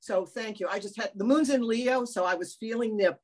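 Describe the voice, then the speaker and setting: An older woman talking candidly on a video call, animated and self-mocking, swearing now and then. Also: a little high, a little fast. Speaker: workshop participant. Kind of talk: emotional personal sharing on a video call.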